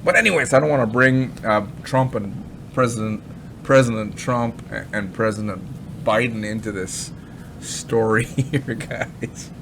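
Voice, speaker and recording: Man, casual commentary host, rambling and mocking, middle-pitched voice, light background noise. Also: unhurried. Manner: rambling and chatty, with fillers and many asides; skeptical, mocking tone. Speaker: crypto commentary vlogger.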